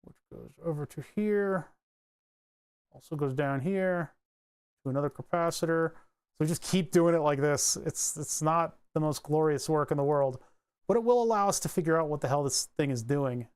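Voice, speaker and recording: A man giving a casual electronics tutorial, thinking aloud as he traces a circuit board, rambling and joking and grumbling wryly about his software. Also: on the high side, normal speed, clean tone. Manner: rambling, joking, mutters while drawing. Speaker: electronics hobbyist explaining circuit tracing.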